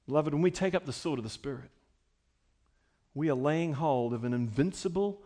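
A man's voice: fairly high pitch, normal speed, long pauses, dark tone. A middle-aged man preaching a sermon as pastor, emphatic and building with repeated phrases.

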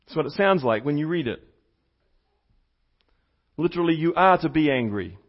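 A man's voice: fairly high pitch, animated, moderate pace. A man preaching a sermon as a pastor, teaching step by step, repeating key points for emphasis, and putting questions to the congregation. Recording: slightly dull, lo-fi sound.

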